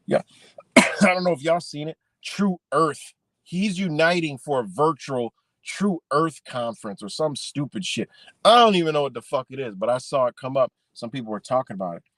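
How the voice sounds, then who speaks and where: A man's voice: fairly high pitch, no echo. Profane ranting man on a livestream. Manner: profane, rambling, heated ranting. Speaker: livestream host. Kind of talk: unscripted live-stream rant.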